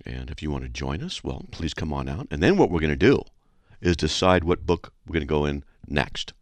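A man's voice: very deep voice, sing-song, fairly quick, dry recording. A middle-aged man hosting a call-in radio show, chatty and playful, rambling casually.

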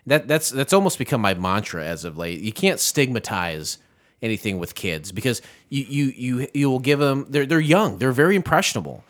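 A man's voice: medium pitch, big pitch swings, moderate pace, a bit bright. A man in his thirties talking earnestly about parenting, stammering and restarting often. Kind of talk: casual chat.

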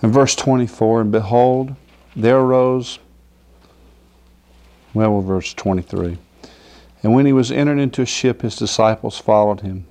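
A man's voice: mid-range voice, measured pace, pauses often, mellow. A man preaching an informal sermon, reading scripture aloud and often asking the listeners if they understand. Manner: conversational, asks "do you understand?" often; acts out quoted figures with laughter.

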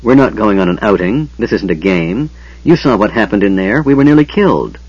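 A man's voice: on the low side, expressive, a little fast, dry recording. A man doing a stern half-elf warrior. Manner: firm, snappish, commanding. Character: stern male half-elf warrior leader, short-tempered. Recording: dull lo-fi sound.

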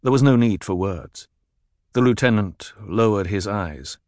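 Low-voiced man narrating a story. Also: darkish tone, dry recording, studio quality. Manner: measured, dramatic reading. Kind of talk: scripted audiobook narration.

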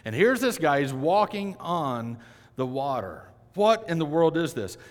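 Guy preaching a sermon, slow and drawn out, big echoey hall, mid pitch. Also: very animated. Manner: preaching with wide swings from loud to hushed. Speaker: pastor. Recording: long hall reverb.

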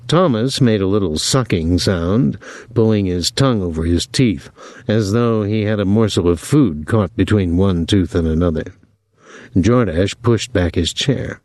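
A man reading an audiobook as the narrator in a measured, even way. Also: lowish voice, no room sound, clean studio sound. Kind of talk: scripted narration.

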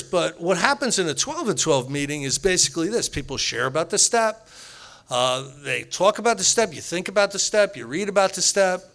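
Guy telling his recovery story to a group, high gravelly voice, lots of laughing, acts out the quotes. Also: fairly bright tone. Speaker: speaker at a recovery meeting.

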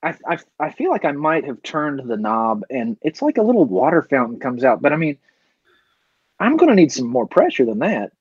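A man's voice: a little high, big pitch swings, normal speed, husky, no echo, lo-fi sound. A man on a casual comedy podcast, telling a rambling story with restarts. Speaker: podcast co-host.

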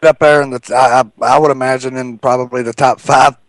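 A man's voice: mid-range voice, level tone, fast talker, no echo, low-quality recording. A man hosting a casual interview, enthusiastic and supportive toward his guest. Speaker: interviewer, former referee.

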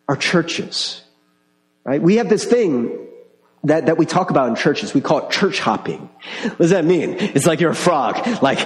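A man's voice: a little high, animated, normal speed. A man preaching a sermon as pastor in a conversational way, often asking the congregation questions. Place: church sanctuary. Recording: echoey hall with long reverb.

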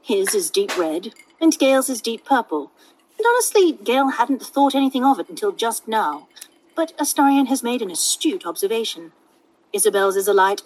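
A woman reads a story aloud in a casual, unpolished way and curses at her own slips. Her voice is husky and moves lively up and down. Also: medium pitch, poor audio. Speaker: reader. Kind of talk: reading fan fiction aloud.

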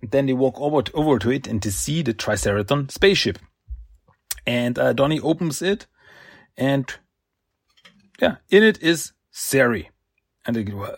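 Man with a gravelly, slightly husky voice, halting comic-recap delivery, dry close sound. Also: mid-range voice, animated, no echo. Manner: halting, many fillers and restarts, chuckles often. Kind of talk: casual retelling of a comic issue.

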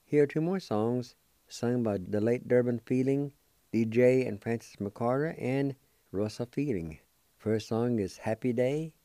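A man hosting a radio language lesson, spelling out words letter by letter and repeating each one slowly for listeners to practice. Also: medium pitch, dark tone, dry recording. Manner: slow, careful spelling out of letters and syllables; repeats each word several times for practice.

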